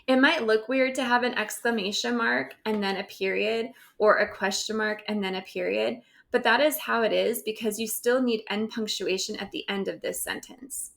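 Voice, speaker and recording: A woman's voice: a little high, steady tone, normal speed, creaky, hardly any pauses, fairly bright tone. A woman teacher recording a grammar lesson over slides, explaining step by step and often checking in with "right?".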